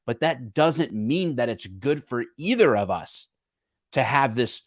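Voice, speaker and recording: In a dry recording with clean studio sound, a podcast co-host with an animated, mid-range voice talks a little slowly. He works through a political issue casually and earnestly, frequently restarting sentences while searching for words.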